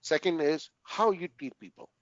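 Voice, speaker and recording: A man with a fairly high voice is a guest in a casual interview, speaking earnestly in short bursts that often end with "right?", and pausing and restarting sentences. The audio is dull with no echo.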